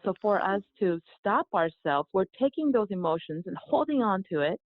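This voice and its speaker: A woman who grew up in South Korea, a yoga teacher and guest, telling a personal story in a soft, reflective way with frequent restarts. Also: mid-range voice, sing-song, moderate pace, no room sound. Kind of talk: conversational storytelling. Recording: dry, phone-like remote line.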